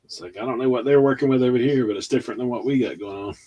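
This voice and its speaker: A man's voice: mid-range voice, racing, poor audio. A man co-hosting a casual chat, telling stories with lots of laughter. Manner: storytelling, animated, laughing. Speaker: podcast co-host.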